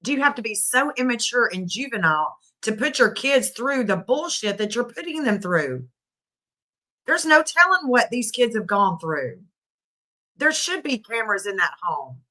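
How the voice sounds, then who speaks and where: A woman's voice: fairly high pitch, very animated, normal speed, sharp tone. A middle-aged woman hosting a livestream, giving emotional, scolding commentary and repeating phrases for emphasis.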